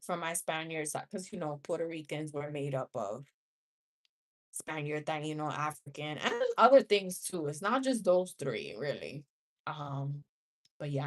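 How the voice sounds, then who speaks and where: Slow, laughing New York woman chatting live. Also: lowish voice. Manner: chatty, laughs often, rambling asides. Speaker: live-stream host. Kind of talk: casual live-stream chat with viewers. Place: home room.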